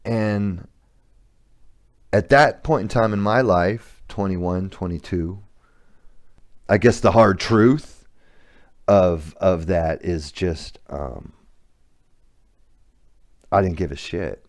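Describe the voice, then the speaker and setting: This middle-aged podcast host speaks in a low voice, slowly, with long pauses. He tells a candid personal story, blunt, profane and confessional.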